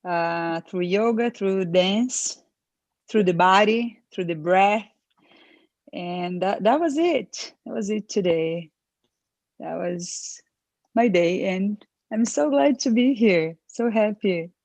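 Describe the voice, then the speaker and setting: A tired woman who teaches yoga and dance, talking slowly and effusively as a guest on a video call panel. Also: medium pitch, animated, a little mellow, dry recording.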